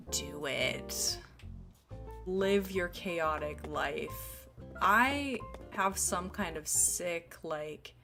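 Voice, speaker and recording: A young woman chatting casually while live-streaming a game, sleepy and yawning, rambling and giggly as she talks to her chat. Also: fairly low pitch. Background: faint background music.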